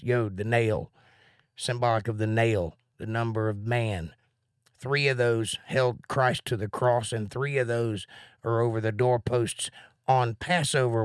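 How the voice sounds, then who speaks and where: A man teaching a live Bible study in a rambling, thinking-aloud way, a bit out of breath and excited. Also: medium pitch, dry recording, clean studio sound.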